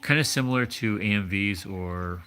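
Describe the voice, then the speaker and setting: A man's voice: fairly low pitch, normal speed, pushed and bright, smooth. A man hosting a livestream, chatting casually in a rambling, hesitant way with many restarts. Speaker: livestream host. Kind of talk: casual chat.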